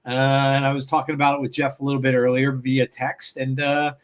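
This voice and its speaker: A man's voice: medium pitch, monotone, a little fast. A man co-hosting a wrestling podcast, telling rambling anecdotes in casual chat, with lots of fillers and restarts and laughter at his own stories. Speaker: podcast co-host.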